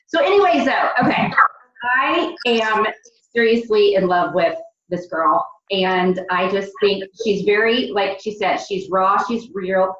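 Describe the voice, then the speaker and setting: A woman's voice: medium pitch, a bit bright, slight background noise. A woman hosting a casual team call, introducing a guest in a gushing, chatty way. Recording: roomy, dull lo-fi call audio.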